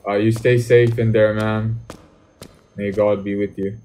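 A man's voice: fairly low pitch, little pitch movement, unhurried, darkish tone, a little hiss or hum. A young man, commenting jokingly on a horror game as he plays and talking back to its characters. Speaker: gaming YouTuber.

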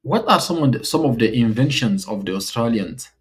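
A man's voice: mid-range voice, brisk. A man from Africa hosting a reaction video, chatting casually and asking questions aloud. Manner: relaxed, conversational, asks questions aloud. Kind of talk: casual commentary.

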